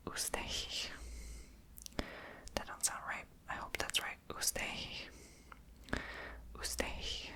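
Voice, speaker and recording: A man whispering in ASMR style, softly repeating foreign words over and over, with self-deprecating chatty asides. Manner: repeats each foreign word softly many times. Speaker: ASMR creator.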